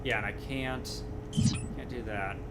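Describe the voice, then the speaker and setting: A man's voice: medium pitch, steady tone, measured pace. A man casually commenting as he plays a game on stream, chatty and jokey. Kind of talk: casual let's-play commentary. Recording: loud background noise.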